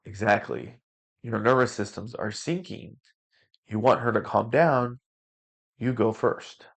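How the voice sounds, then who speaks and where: A man voicing a wise ancient male sage who sips tea, speaking slowly, softly and in a measured way, in a spoken story. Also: lowish voice, vocal fry, breathy edge, heavily acted. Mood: calm, measured.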